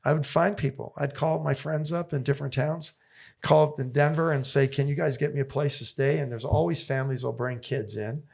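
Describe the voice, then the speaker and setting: Older coach, gravelly, mid pitch, enthusiastic storyteller. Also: male voice, fairly even intonation, brisk, darkish tone. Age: 70s. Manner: enthusiastic, repetitive rallying phrases. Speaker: tennis coach. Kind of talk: interview guest storytelling.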